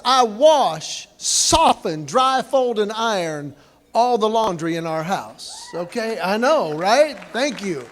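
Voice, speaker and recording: High-voiced man telling funny stories. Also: fairly bright tone. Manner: storytelling with acted quotes. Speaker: banquet speaker. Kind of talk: humorous motivational speech. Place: banquet hall, indoors.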